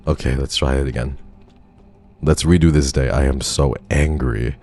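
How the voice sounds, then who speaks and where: A man's voice: very deep voice, steady tone, normal speed, a little mellow. A male streamer giving live commentary on a game, talking to his chat and swearing in frustration.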